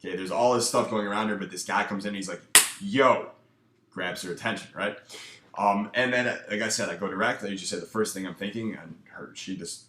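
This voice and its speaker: A man's voice: on the low side, fast, a bit bright, slight background noise. A man coaching casually, breaking down footage with a laid-back, filler-heavy way of talking. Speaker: dating coach. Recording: echoey room.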